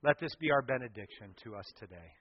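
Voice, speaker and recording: A pastor preaching a sermon, telling stories with animation and swinging from loud to hushed. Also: male voice, mid-range voice, animated, quick pace, slightly rough, no room sound. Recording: dull lo-fi sound.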